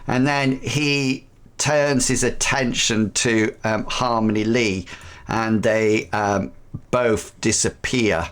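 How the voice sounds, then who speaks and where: A man narrating a tabletop game as game master, halting with frequent fillers. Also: lowish voice, fairly even intonation, fairly bright tone, clear, resonant tone.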